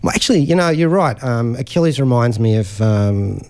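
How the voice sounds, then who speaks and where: A man's voice: medium pitch, expressive, normal speed, a little mellow. A man hosting a studio radio interview, chatty and hesitant, with frequent fillers and pop-culture quips. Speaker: radio host.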